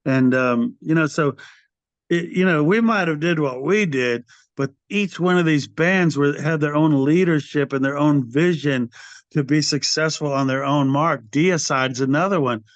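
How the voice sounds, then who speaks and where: Older male rocker guest, rambling raconteur, slightly high voice, dry and dull podcast audio. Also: normal speed, no room sound. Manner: animated storyteller, acts out quoted voices. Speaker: guest, metal band singer. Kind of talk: casual storytelling interview.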